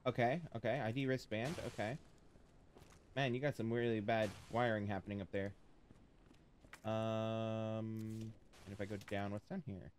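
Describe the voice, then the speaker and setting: A man's voice: lowish voice, level tone, a little slow, long pauses, slight background noise. A man casually talking to himself as he streams a horror game, reading notes aloud and chatting as he plays. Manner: chatty, talks to himself while playing. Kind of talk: casual let's-play commentary.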